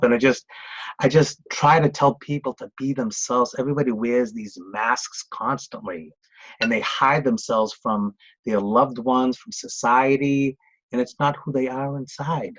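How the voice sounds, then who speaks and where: A man's voice: medium pitch, fairly even intonation, moderate pace, fairly bright tone, no echo, dull audio. A middle-aged man with a Boston accent, a podcast guest talking casually, rambling with frequent restarts. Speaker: guest, grief coach and author. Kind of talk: casual conversational interview.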